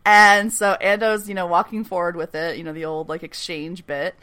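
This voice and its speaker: A woman's voice: fairly low pitch, little pitch movement, normal speed, fairly bright tone, smooth. A woman co-hosting a podcast, chatting casually and animatedly as she recaps a TV episode, swearing, laughing often and acting out characters' lines. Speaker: podcast co-host recapping a TV show. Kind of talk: casual chat.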